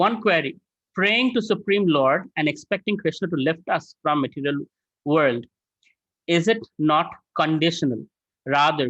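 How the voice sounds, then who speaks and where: A man's voice: on the high side, dry recording. A man teaching a spiritual class online, answering questions and acting out prayers in a raised voice. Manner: lively, acts out prayers in a raised voice. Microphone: video call. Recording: dull lo-fi call audio.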